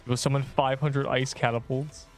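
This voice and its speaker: A man commentating his gameplay on a livestream, excitable, laughing often and rambling through asides. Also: medium pitch, moderate pace, faint music behind.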